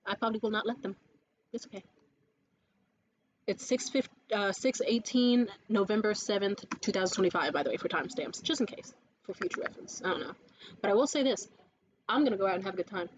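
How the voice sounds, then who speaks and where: A woman talking in a casual life-update vlog, telling stories in a lively, profane way from a room indoors. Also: medium pitch, fast talker, slight background noise, poor audio. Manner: profane, animated storytelling. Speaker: vlogger.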